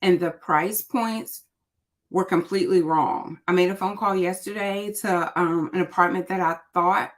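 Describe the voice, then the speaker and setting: A woman's voice: fairly low pitch, steady tone, measured pace, fairly bright tone. A woman in her forties hosting a casual live stream, rambling and thinking aloud with plenty of fillers, recorded on a computer mic. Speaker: livestream host. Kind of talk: casual livestream chat.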